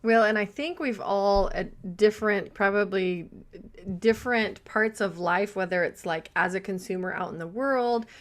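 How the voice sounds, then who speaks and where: A woman's voice: mid-range voice, normal speed. A woman hosting a podcast interview who sums up her guest's points and asks reflective follow-up questions. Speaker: podcast host.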